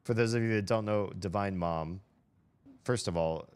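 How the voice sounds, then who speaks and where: A man's voice: fairly low pitch, moderate pace, a little mellow, clean tone. An American man with a neutral General American accent, chatting casually to his livestream audience while gaming, rambling and thinking aloud. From United States. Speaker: streamer.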